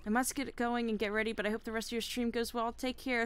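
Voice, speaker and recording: A woman's voice: a little high, little pitch movement, fast talker, few pauses, smooth. A woman streamer making casual, chatty asides while playing a video game. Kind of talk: casual gameplay chat.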